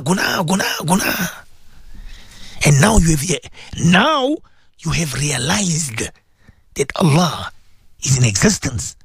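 A man preaching on a radio show in a high voice that swoops animatedly up and down. He repeats his phrases for emphasis and keeps clearing a sore throat. The studio sound is dry and close. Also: a bit bright, no room sound. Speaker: radio host and Muslim cleric. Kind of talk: religious radio talk.

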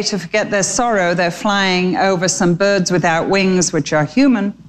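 A woman preaching by telling a story and appealing directly to her listeners. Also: medium pitch. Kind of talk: storytelling sermon.

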